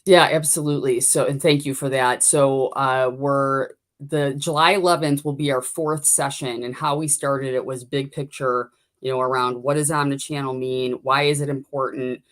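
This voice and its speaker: Very low-pitched upbeat woman guest. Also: steady tone, normal speed, few pauses. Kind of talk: casual webcast chat.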